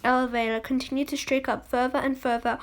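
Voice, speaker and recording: A woman's voice: sits high, little pitch movement, quick pace. A woman reading a children's book aloud, with frequent slips and self-corrections. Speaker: reader.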